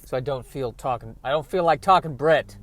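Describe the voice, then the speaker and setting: A man's voice: fairly quick, lightly acted. A man voicing a fed-up butler who drops his usual accent and complains sarcastically at his boss. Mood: exasperated. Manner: sarcastic, fed-up, loud and high-pitched. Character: exasperated butler talking American, middle-aged man.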